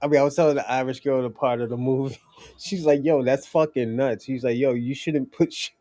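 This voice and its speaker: A man's voice: medium pitch, steady tone, a little fast, mellow. A young man rambling casually about his film, laughing often, stumbling over his words and swearing. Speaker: filmmaker talking about his movie.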